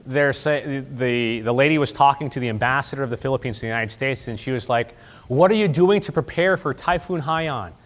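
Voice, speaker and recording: A man giving a casual, somewhat halting presentation to a group. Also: mid-range voice, fairly bright tone. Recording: reverberant hall.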